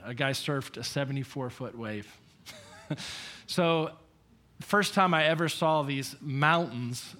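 A man preaching a conversational sermon, telling personal stories in an animated way and chuckling as he goes. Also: medium pitch. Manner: storytelling, animated, chuckling often. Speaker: pastor.

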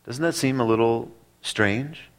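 A man preaching a sermon that works through a passage, speaking deliberately with drawn-out pauses and emphatic repetition. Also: mid-range voice. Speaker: pastor. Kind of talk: expository sermon.

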